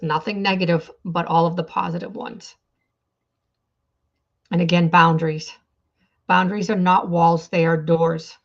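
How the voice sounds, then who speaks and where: Gravelly low-voiced woman host. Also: muffled recording. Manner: earnest, repetitive, coaching tone with many fillers. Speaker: podcast host on trauma healing. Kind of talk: earnest motivational talk.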